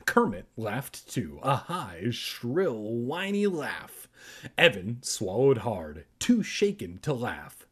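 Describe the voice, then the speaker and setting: A man's voice: medium pitch, big pitch swings, takes it slowly, slightly rough. A young adult man reading a children's book aloud on a podcast, breaking off for jokey, self-deprecating asides.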